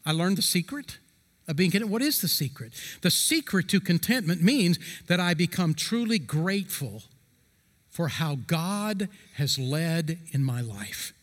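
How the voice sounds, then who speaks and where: A middle-aged man preaching a sermon as a pastor, earnest and emphatic, stretching key phrases slowly for stress. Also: a little high, very animated, long reverb tail.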